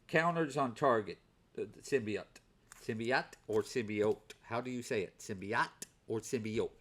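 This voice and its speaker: A man of middle pitch talks slowly and casually, showing items to the camera. He hesitates a lot, fills gaps with "uh" and "um", and often says the same word twice before going on. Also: fairly bright tone. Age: adult working overnight shifts. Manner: hesitant, many fillers and repeated words. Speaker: comic book vlogger. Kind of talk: casual unscripted show-and-tell.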